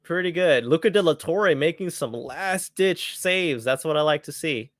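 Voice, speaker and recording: This live match commentary watchalong features a male host whose fairly high-pitched voice is expressive, a bit bright, and delivered at normal speed. He chats casually and reacts with eagerness, tending to repeat himself. The sound is clean studio audio without echo.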